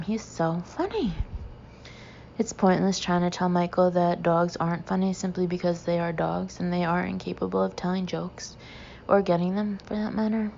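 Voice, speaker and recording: A woman narrating a humorous memoir audiobook with a dry, deadpan delivery. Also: fairly low pitch, gravelly, dull audio, a little hiss or hum.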